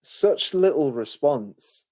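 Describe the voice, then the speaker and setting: A man's voice: fairly high pitch, animated, takes it slowly, warm tone. A man co-hosting a movie review podcast, chatting casually and retelling scenes with amused asides. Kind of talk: casual chat.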